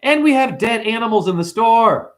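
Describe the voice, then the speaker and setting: Male livestream host, high-pitched, profane, animated rant. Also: moderate pace. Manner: profane, animated, mimics customers in high voices.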